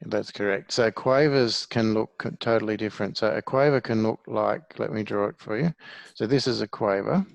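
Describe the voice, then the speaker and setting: A gravelly-voiced man gives a one-to-one music lesson, patiently breaking each point into small steps. His voice sits a little low and is recorded close and dry, with no room sound. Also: normal speed, no room sound. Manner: patient, explains step by step. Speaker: music teacher.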